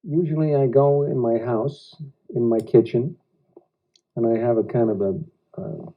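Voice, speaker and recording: An American actor being interviewed at home, speaking reflectively in halting phrases with odd pauses. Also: male voice, mid-range voice, fairly even intonation. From United States. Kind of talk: casual interview talk. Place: living room of a private house. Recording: dull lo-fi 1990s home video.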